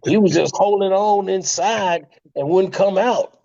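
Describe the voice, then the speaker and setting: An older man, a retired wrestler, tells stories in an interview with a gravelly, mellow voice that sits a bit high for a man. He laughs often and restarts his sentences. The audio sounds slightly muffled. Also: measured pace. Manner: animated storyteller, frequent laughs and restarts. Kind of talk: storytelling interview.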